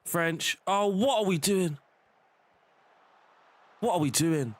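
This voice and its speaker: Excitable man calling his football game. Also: sits high, takes it slowly, long pauses. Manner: excitable, shouting at plays. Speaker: gaming streamer. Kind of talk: live game commentary.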